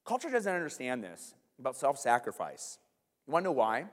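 A man preaching a sermon to his congregation, animated, with conversational asides. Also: medium pitch, big-room sound. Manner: animated, talks to the congregation with asides and quick acted-out quotes. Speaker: pastor.

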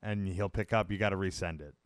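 Dry-voiced man doing deadpan prank calls. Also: low-pitched, quick pace, no echo. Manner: deadpan, mock-polite insults. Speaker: prank call host. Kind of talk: casual live-stream prank calls.

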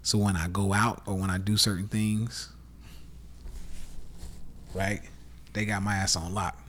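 A man's voice: lowish voice, flat delivery, a little slow, a bit bright. A man with a Southern accent hosting a casual rant podcast, blunt and profane, lecturing his listeners as y'all. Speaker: podcast host.

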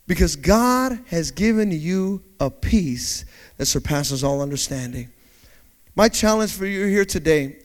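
Lively high-voiced male preacher. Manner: storytelling that builds to shouted preaching. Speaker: pastor. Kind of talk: sermon with personal story. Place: church.

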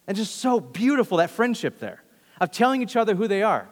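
Man, pastor, sermon, earnest, repeats and restarts, high voice, echoing hall. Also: big pitch swings, a little fast. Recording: long hall reverb.

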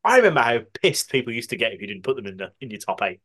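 Quick-laughing male co-host, wildly swinging pitch, loose and sweary. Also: big pitch swings, fairly bright tone. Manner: laughs often, swears freely. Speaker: podcast co-host. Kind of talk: casual comedic chat.

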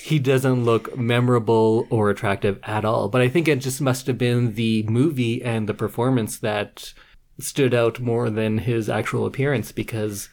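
Gravelly-voiced woman with dry sarcasm. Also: rumbling low, fairly even intonation, moderate pace, a little mellow. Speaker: podcast co-host. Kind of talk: casual movie review chat.

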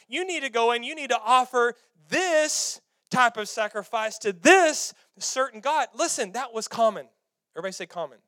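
A male pastor preaching a sermon in church, animated, swinging from quiet to loud and calling on the congregation to respond. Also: sits high, no room sound, studio quality.

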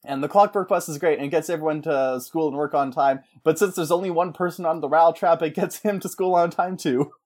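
A man in casual chat, pitching a story in a rambling, jokey way and slipping into character voices. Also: steady tone, brisk, few pauses, a little mellow.

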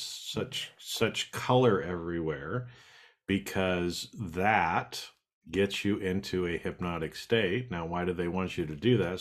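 A man hosting a casual talk show who explains emphatically to his listeners and swears now and then. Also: lowish voice. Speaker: podcast host, hypnotist. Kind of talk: casual conversation.

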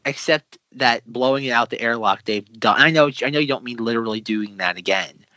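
Male podcast co-host, mid pitch, bright tone, dry close lo-fi sound, insistent explainer. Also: fairly quick, no room sound. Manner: persistent, interjects with repeated words, explanatory. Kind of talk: casual film discussion.

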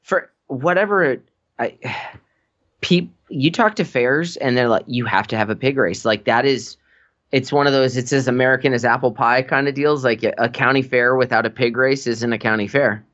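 A man's voice: mid-range voice, moderate pace, fairly bright tone, muffled recording. A man in casual chat, an easygoing storyteller who laughs often.

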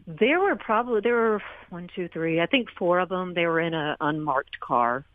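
A woman's voice: lowish voice, expressive, moderate pace, no room sound. A woman calling in to a radio show, hesitant, with nervous laughs. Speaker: caller. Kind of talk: phone call to a radio show. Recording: tinny phone line.

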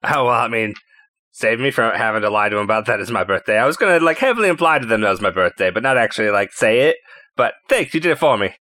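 A man's voice: fairly low pitch, sing-song, fast, bright, forceful tone. A man playing a tabletop game who drops dry, wry asides. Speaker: player.

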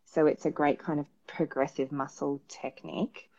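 A perinatal psychologist with an Australian accent appears as a guest over a video call, giving parenting advice in a relaxed, thoughtful, rambling way with many fillers and acting out examples. Her voice is low and at normal speed. The audio has its highs cut off, and crowd noise can be heard.

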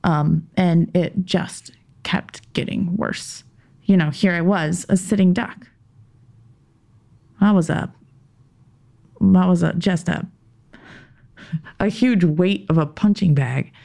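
A woman recounting a hard personal story as a podcast guest, in a warm, mellow voice. She speaks slowly and haltingly, often stopping to restart a sentence. When she gets heated, she drops into a tense whisper. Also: on the low side, creaky. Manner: halting, with frequent restarts and pauses. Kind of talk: personal story told in conversation.

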